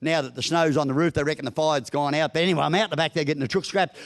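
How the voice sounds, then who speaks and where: A middle-aged man with an Australian accent gives a humorous business talk, spinning folksy yarns with blunt mild swearing. His voice sits fairly high for a man. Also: steady tone, racing. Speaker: business speaker. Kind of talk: humorous keynote speech.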